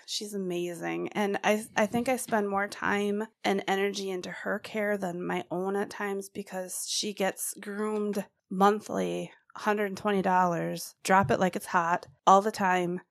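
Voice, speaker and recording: A woman co-hosting a podcast, telling an animated story in casual chat and laughing along. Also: medium pitch, creaky. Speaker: podcast co-host.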